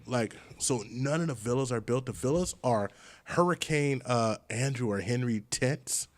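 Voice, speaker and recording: A man with a mid-range voice hosts a casual podcast, speaking at a normal speed with no room sound. He is an animated storyteller who swears a lot and acts out quotes.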